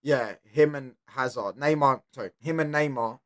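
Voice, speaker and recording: A man reacting to a football debate on a stream, slangy and excitable, stumbling over repeated words. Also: mid-range voice, normal speed. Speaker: watchalong streamer. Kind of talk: casual reaction commentary.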